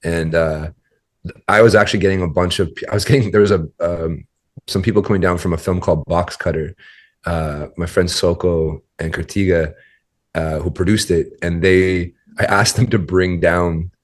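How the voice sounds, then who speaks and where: A man's voice: deep voice, fairly even intonation, moderate pace. A man as a podcast guest, telling a story in a rambling, casual way full of fillers and restarts.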